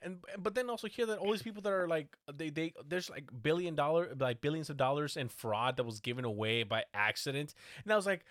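A man with a bright, slightly high voice rants in casual talk, cursing freely and getting heated. The sound is dry and close. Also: fairly quick, hardly any pauses, no echo. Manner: animated, swears a lot, ranting. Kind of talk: casual chat.

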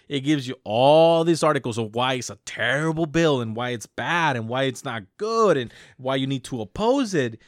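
A man ranting in casual, profane podcast chat as co-host, animated and talking fast in bursts. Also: a little high, no room sound, studio quality.

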